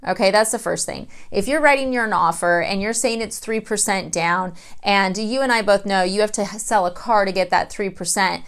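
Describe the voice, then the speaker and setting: A woman loan officer talking straight to camera, giving home-buying advice in a casual, animated way and acting out her clients' lines. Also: a little high. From United States. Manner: animated, acts out clients' voices.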